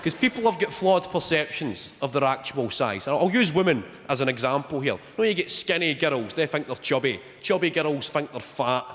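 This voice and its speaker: A young man doing stand-up, telling stories in a wry, deadpan way. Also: a little high, brisk, hardly any pauses. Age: young adult. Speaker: stand-up comedian. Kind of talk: stand-up comedy set. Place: large theatre stage. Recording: echoey theatre, loud noise.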